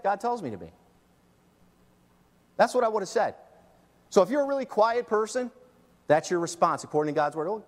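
A middle-aged man preaching a sermon as pastor, emphatic, swinging between loud and soft. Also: high-pitched, big-room sound. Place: church.

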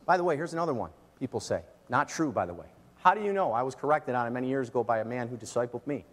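A middle-aged man preaching a sermon as pastor, emphatic, swinging between loud and soft. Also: mid-range voice, lively intonation, rapid-fire, hardly any pauses, big-room sound. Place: church.

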